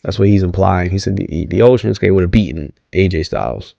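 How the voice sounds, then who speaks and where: A man's voice: sits low, a little fast, gravelly, mellow, no echo, muffled recording. A man casually recapping a wrestling show, rambling with many ums, restarts and questions to viewers. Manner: rambling, hesitant, many ums and self-corrections; asks viewers to comment.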